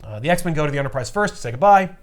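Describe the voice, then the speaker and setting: A man co-hosting a relaxed comic book podcast, slipping into quick character impressions as he recaps. His voice sits a little high and swings widely in pitch. The tone stays casual and lively. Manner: animated, acts out characters in quick bursts. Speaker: podcast co-host.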